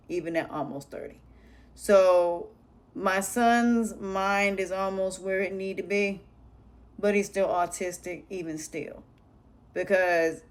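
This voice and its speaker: A woman's voice: fairly low pitch, a little mellow. A middle-aged woman, a parent and life coach, talking bluntly and emphatically straight to her viewers in casual advice talk.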